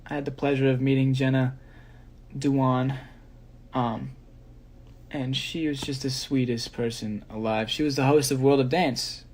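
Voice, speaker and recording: A man's voice: mid-range voice, level tone, unhurried, darkish tone. A young man, a dancer, chatting casually on a phone livestream and rambling through fan questions with frequent ums.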